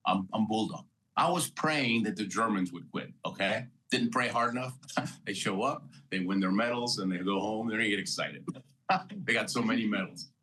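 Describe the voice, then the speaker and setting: An older man in his sixties with a bright, forceful voice sits as an interview guest and tells his story. He talks with lively energy, laughs often and slips into the voices of the people he met along the way. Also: on the low side, moderate pace, rough recording. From Houston, Texas. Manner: energetic, motivational, laughs often, acts out dialogue. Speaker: guest, Olympic athlete.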